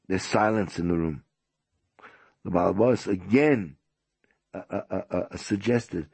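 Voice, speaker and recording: A man's voice: low-pitched, a little slow, creaky, long pauses, a little mellow, breathy edge. A man, a rabbi, telling a story in a sermon, often stammering and repeating himself.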